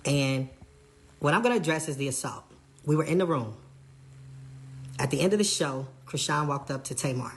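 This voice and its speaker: Brief: tour manager, mid-pitched voice, lively casual retelling, slips into quoting others. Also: normal speed, long pauses. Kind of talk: casual storytelling.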